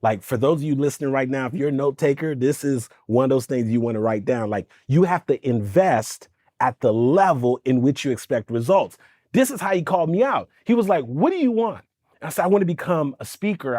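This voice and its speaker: A man in his thirties telling a personal story in an interview, animated and acting out the voices of the people he quotes. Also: on the high side, fast, dry recording, clean studio sound. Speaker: guest, storytelling coach.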